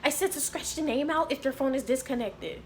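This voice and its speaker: A woman voicing a hysterical older female manager who accuses and scolds in a shrill, drawn-out way. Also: noisy background, natural voice. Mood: frantic.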